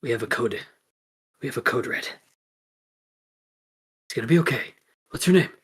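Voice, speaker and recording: A woman voicing a calm townsman who takes charge and reassures a stranger. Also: extremely low pitch, normal speed, husky, exaggerated voice. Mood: urgent.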